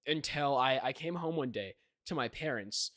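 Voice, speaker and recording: A man's voice: medium pitch, lively intonation, normal speed, a bit bright, no echo. Rambling young man with a dry voice. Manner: rambling, many restarts and "right?" tags. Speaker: podcast co-host. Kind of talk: casual chat.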